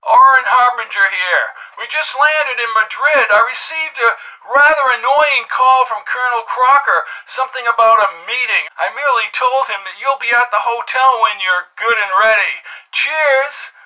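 A man playing a refined, well-off gentleman who leaves a breezy, dismissive voicemail. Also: very high-pitched, normal speed. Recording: dull lo-fi voicemail line.

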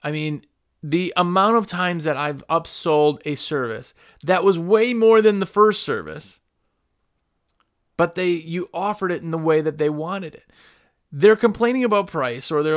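A man's voice: on the high side, unhurried. A man hosting a podcast, talking casually and rambling as he gives business advice and acts out customer calls at his microphone. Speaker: podcast host for window cleaners. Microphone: microphone at a computer.

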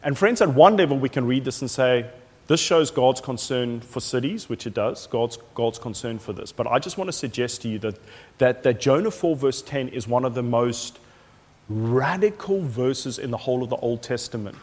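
A pastor preaching a sermon with animated, emphatic storytelling and frequent repetition. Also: male voice, mid-range voice, moderate pace, breathy edge. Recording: echoey hall.

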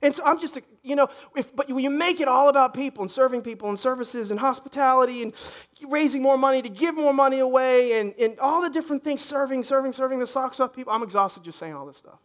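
This is a man preaching a sermon from a church stage. His voice sits very high for a man, and he keeps it animated and joking throughout. He breaks into short acted-out voices to make the congregation laugh. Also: fast. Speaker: pastor.

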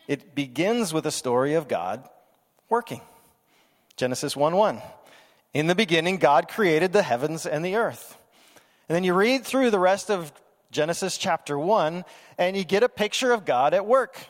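Male pastor, high-pitched, lively conversational sermon, long hall reverb. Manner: animated, conversational preaching with playful asides.

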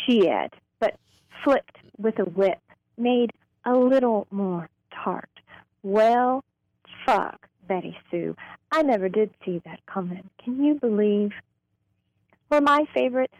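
A woman, a poet, reading her own poems aloud in a slow, deliberate way. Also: medium pitch, a little mellow, no room sound, lo-fi sound. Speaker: poet guest.

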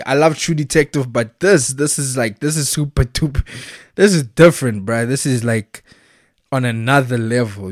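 A man vlogs in a loose, excitable, slang-heavy way, often breaking into laughter. His voice sits at an ordinary middle pitch. The recording is dry and close, with no room around it. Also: no room sound. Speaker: vlogger. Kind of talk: casual chat.

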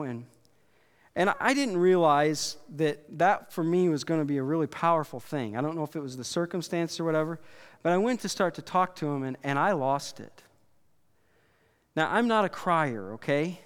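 A middle-aged man preaching a sermon in a conversational, halting way, with frequent restarts and asides to his audience. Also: fairly high pitch, clean tone, in a large hall. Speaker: pastor.

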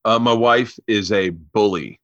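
A man's voice: fairly low pitch, measured pace, no room sound, muffled recording. A man in his forties hosting a podcast, telling stories in casual chat and acting out other people's voices. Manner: animated storyteller who acts out quoted voices. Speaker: podcast host.

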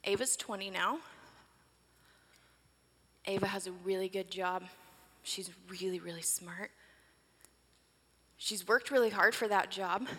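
A woman in her forties telling a sermon story dramatically, swinging from breathless excitement to hushed whispers. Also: mid-range voice, unhurried, pauses often, husky. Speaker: preacher. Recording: long reverb of a large hall.

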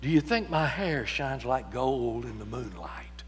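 A man's voice: medium pitch, expressive, measured pace, slight background noise, voice pushed down, lightly acted. A man preacher voicing a young ranch woman who fishes for compliments from a shy cowboy, in a long church reverb. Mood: coaxing. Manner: fishing for compliments.

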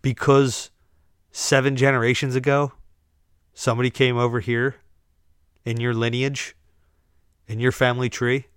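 Young man, mid-pitch, sarcastic solo podcast rant, dry close sound. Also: flat delivery, a little slow, pauses often, fairly bright tone, clean tone, no room sound. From United States. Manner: ranting, sarcastic, laughs at his own jokes. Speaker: podcast host. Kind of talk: casual solo podcast monologue.

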